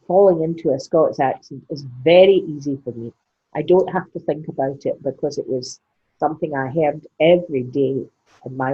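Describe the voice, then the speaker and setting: An older woman with a posh, cut-glass English accent, her voice low and deeply husky. She speaks with crisp, deliberate diction and a frank, salty edge. The recording sounds slightly dull and lo-fi. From England. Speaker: interviewee. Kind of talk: conversational interview. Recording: muffled lo-fi sound.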